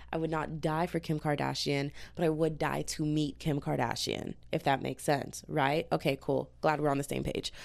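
A woman's voice: low-pitched, vocal fry, a little mellow, no room sound. A woman hosting a solo podcast, ranting in a slangy, exasperated casual way into a podcast mic. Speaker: podcast host.

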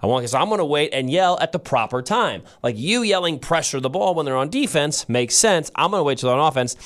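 A man co-hosting a morning radio show, telling stories with lively quoted voices. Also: a little high, fairly quick. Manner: animated storyteller, acts out shouts and quotes. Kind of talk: casual morning show banter.

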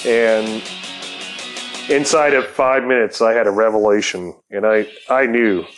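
A man in his fifties spins a loose, profanity-laced yarn in a relaxed, unhurried way, peppering it with "man" and "dude". Guitar music plays clearly behind him. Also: lowish voice, rough recording. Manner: profane, laid-back, heavy swearing with fillers like "man" and "dude". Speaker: storyteller. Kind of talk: rambling personal storytelling. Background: guitar music playing.

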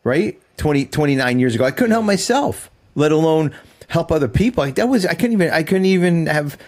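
A man's voice: fairly high pitch, animated, fairly quick, darkish tone. A middle-aged man, a guest in casual chat, talking earnestly with frequent restarts and easy laughter. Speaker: podcast guest.

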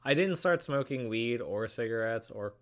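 A man's voice: medium pitch, expressive, normal speed. A young man co-hosting a casual chat, answering questions with dry, teasing remarks. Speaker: podcast co-host.

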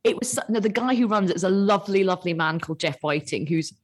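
A Scottish woman in her forties with a husky, slightly low voice tells stories with animation in a relaxed podcast chat. She laughs easily through her anecdotes. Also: fast. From Scotland. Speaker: guest. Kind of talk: casual podcast interview.

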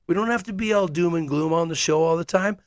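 A man's voice: fairly high pitch, fast talker, no echo, studio quality. A man hosting his own podcast, giving blunt, sarcastic, fiery commentary. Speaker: podcast host. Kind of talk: opinionated commentary.

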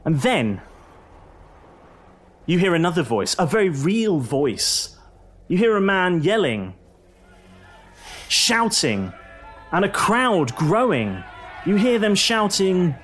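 A man with a fairly high voice narrates as game master of a tabletop game. He speaks slowly and with lively, rising and falling pitch, and soft music plays under him. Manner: descriptive, repeats words for effect. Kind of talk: slow dramatic game narration.

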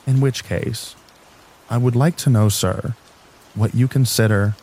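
Male narrator as a no-nonsense landlady, polite but firm, a touch higher than his own voice. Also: a little slow, dark tone, breathy edge, poor audio. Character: resolute, practical middle-aged landlady.

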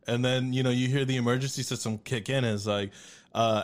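A man telling a story in casual chat, animated, swearing freely and acting out what people said. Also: medium pitch, quick pace. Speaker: podcast guest.

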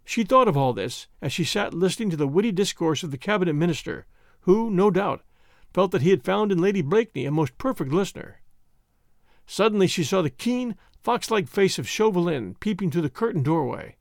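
A man narrating a classic novel as an expressive audiobook reading. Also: high-pitched, fairly quick, vocal fry, dry recording, clean studio sound. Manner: expressive storytelling.

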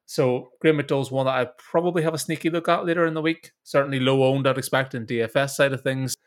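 A man's voice: medium pitch, fairly even intonation. Chatty Northern Irish man podcasting. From Northern Ireland. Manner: chatty, brisk, restarts and repeats words. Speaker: golf betting podcast host. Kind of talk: casual podcast chat with host-read ad.

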